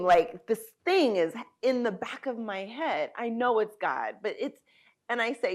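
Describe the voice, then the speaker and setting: A woman tells a personal story in a heartfelt, vivid way. Her voice sits at a middle pitch and ranges from hushed to loud as she recounts events. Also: expressive, moderate pace. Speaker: guest.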